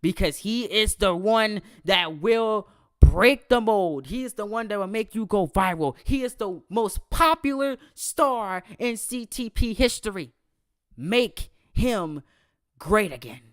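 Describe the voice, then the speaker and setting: A man's voice: high-pitched, expressive, slow, smooth, no echo, studio quality. A man voicing an indignant, theatrical male wrestling fan who stammers through mock outrage, read out on a podcast. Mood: pleading. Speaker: podcast host reading a listener email. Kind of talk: exaggerated dramatic reading.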